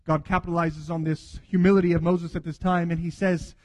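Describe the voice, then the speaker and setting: A man's voice: on the high side, little pitch movement, brisk, a little mellow, big-room sound. A man preaching a sermon earnestly, acting out quoted dialogue as he goes. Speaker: pastor.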